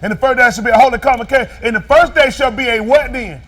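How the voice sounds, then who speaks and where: A man's voice: very high voice, fast, a bit bright. A man preaching a sermon. He is a folksy, joking pastor who quizzes his congregation and waits for them to call the answers back.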